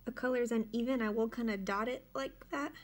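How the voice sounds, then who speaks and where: A woman with a slightly high voice hosts a casual how-to from her dining room. She talks unhurriedly and narrates each step as she goes, like she is chatting with friends. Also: fairly even intonation, brisk. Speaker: nail tutorial host.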